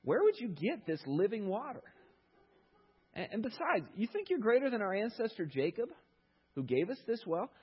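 A man's voice: sits high, very animated, moderate pace, breathy edge, dull audio, pitched above the performer's own voice, heavily acted. A man voicing a sarcastic village woman. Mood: incredulous. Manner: incredulous, mocking questions.

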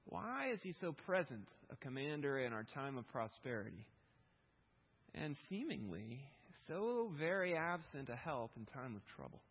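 A man preaches with a husky, slightly breathy voice at a middling pitch. He swings between loud, pleading questions and quiet, reflective passages read aloud. The recording sounds dull and a bit lo-fi. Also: big pitch swings, moderate pace. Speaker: pastor. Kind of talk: sermon.

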